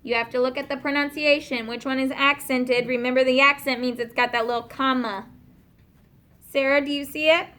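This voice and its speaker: A woman teaching a class of young students, patiently asking questions and slowing down to spell out and explain words. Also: sits high, fairly even intonation, bright, forceful tone.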